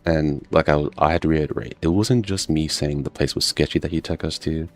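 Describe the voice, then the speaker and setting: A man with an extremely deep, gravelly voice tells food stories in loose, casual gaming chat. He drifts from story to story, swears freely and laughs a lot. Soft game music plays faintly behind him. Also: steady tone, a little fast. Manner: laid-back storytelling, swears, laughs often. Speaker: gaming streamer.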